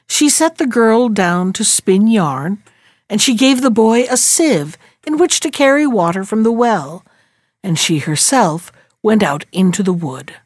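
Storyteller, woman, mid pitch, close dry recording, steady expressive fairy-tale reading. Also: unhurried, dry recording. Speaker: narrator.

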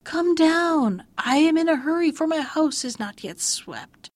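A woman's voice: sits high, animated, measured pace, no room sound, voice pushed up. A woman voicing a wheedling female lamia, a hungry monster who coaxes and threatens. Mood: coaxing. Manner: coaxing, then threatening.

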